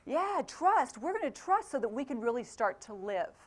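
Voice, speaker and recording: A middle-aged woman gives a motivational talk, with a fairly high voice. She keeps the room involved, throwing questions at the audience and laughing easily. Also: very animated, normal speed. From England. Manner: engaging, asks the audience questions, laughs often. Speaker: motivational speaker.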